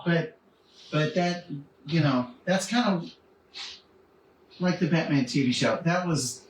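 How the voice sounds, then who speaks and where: Man, relaxed co-host, mid-pitched, off-mic with faint room hum. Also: slow, reverberant, recorded from a distance, poor audio. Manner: conversational, chimes in with agreement. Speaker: podcast co-host. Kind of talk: casual chat about comics.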